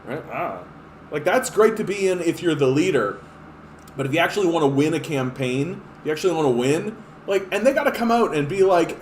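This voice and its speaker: A man's voice: fairly high pitch, brisk. A man hosting a political podcast, ranting casually with exasperation and frequent swearing. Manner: animated and exasperated, swears often, frequent fillers. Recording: echoey room, faint hiss.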